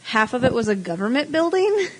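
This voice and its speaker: A young adult woman co-hosting a casual podcast chat, telling animated stories and acting out the people she quotes. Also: sits high, fairly quick, rough recording. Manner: animated storyteller, acts out quoted voices. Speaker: podcast co-host.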